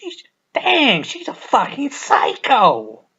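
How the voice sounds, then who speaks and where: A man's voice: medium pitch, sing-song, unhurried, a bit bright, dull audio. A man doing an exasperated young gangster. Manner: indignant, complaining.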